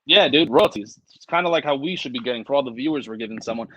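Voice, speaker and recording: Casual stream co-host, male, animated swing in pitch, muffled lo-fi close sound, rambling and profane. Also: quick pace, slight background noise. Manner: profane, rambling, reads viewer comments aloud. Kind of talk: casual livestream chat.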